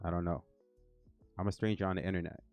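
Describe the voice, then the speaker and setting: Low, smooth-voiced American man rambling casually. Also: fairly even intonation, fast talker, no room sound, lo-fi sound, faint music behind. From United States. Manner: rambling, loose, slangy, with fillers and repeats. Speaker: livestream host. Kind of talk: casual livestream chat.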